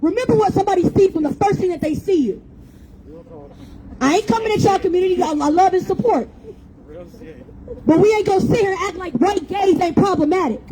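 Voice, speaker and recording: A woman with a very high, mellow voice holds forth at an outdoor rally, blunt, profane and mocking, throwing in jokes. She sounds like she is speaking in an open city square. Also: a little fast, long pauses, poor audio. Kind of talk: impassioned rally speech.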